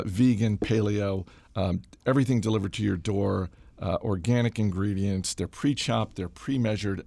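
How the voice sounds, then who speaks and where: Middle-aged male podcast host, animated and self-deprecating, low and gravelly. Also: no room sound. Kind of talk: casual chat with host-read ad.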